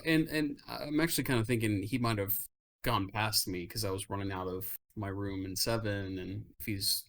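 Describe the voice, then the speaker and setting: Low-voiced male tabletop player. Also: a bit bright, slight background noise. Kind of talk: casual tabletop game play.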